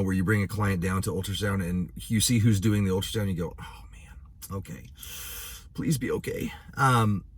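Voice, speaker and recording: A male midwife teaches in an earnest, heartfelt way, slipping in frequent fillers as he recounts a hard moment with a patient. His voice sits a little low and has a husky, breathy grain. The sound is dry and close, with no room around it. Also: dry recording. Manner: earnest and emotional, many "you know" fillers. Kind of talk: educational talk with personal stories.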